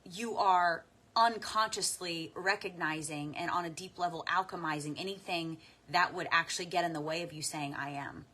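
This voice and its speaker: A woman leading a slow guided tapping meditation. She speaks softly and unhurriedly, pausing often for deep breaths and audible sighs.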